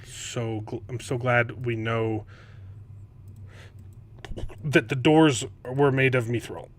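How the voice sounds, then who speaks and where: A man hosting a casual panel chat, animated and mocking, often stumbling over words and restarting. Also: medium pitch, takes it slowly. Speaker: host.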